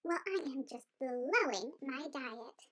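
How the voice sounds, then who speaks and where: A woman doing squeaky, eager talking states. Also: animated, slow, fairly bright tone, heavily acted. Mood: chatty. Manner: eager, bouncy, interrupting each other. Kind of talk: storybook character voices.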